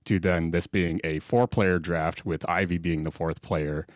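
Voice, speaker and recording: A man's voice: low voice, steady tone, a little slow, dry recording, studio quality. A man calling in to a live podcast, eager and blunt, rambling as he makes his point. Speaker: call-in listener. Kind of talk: casual call-in chat.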